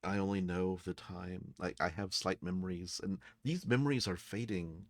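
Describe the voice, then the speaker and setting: A man voicing a redeemed ancient hero in a tabletop game, asking gentle, probing questions. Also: deep voice, normal speed, no echo. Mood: wistful.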